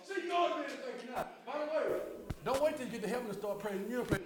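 Brief: older man preacher, very high and hollering, echoey church with a crowd behind. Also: fast, background noise. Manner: hollering, playful, call-and-response with the congregation. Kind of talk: lively church sermon. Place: church hall with congregation.

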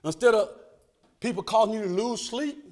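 A man preaching a sermon, folksy and joking, building to shouted call-and-response lines. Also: high-pitched, normal speed. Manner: folksy, joking asides with laughter.

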